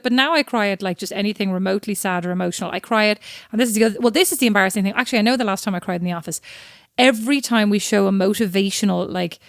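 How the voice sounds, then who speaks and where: A woman's voice: medium pitch, racing, few pauses, clear, resonant tone, no echo, studio quality. A woman co-hosting a podcast, casually telling self-mocking stories and laughing at herself. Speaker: podcast co-host. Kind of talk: casual chat.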